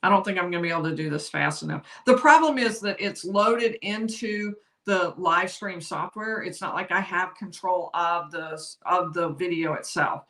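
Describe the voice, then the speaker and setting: A woman's voice: lowish voice, normal speed, few pauses, a bit bright. A woman giving chatty legal commentary on a live stream, laughing easily and apologizing for tech slips. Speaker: lawyer commentator. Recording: roomy echo.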